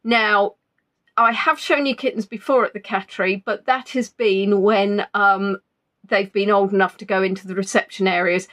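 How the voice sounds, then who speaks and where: A woman's voice: medium pitch, fairly even intonation, normal speed, a bit bright. A woman hosts a live stream from home in a loose, rambling chat. She pokes fun at herself as she goes, and she still sounds not quite over an illness. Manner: chatty, rambling, self-deprecating. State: not fully recovered from illness. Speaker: livestream host.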